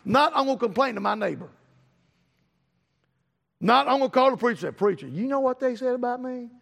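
A male pastor with a very high-pitched voice delivers a sermon. He repeats his phrases and climbs to loud, emphatic peaks before easing back down. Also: big-room sound.

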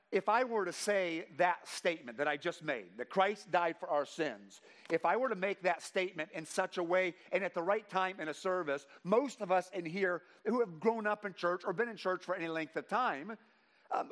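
A man preaching a sermon to his congregation, reading scripture slowly with emphasis and praying in a softer voice. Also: sits high. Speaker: pastor. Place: church sanctuary. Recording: long reverb of a large hall.

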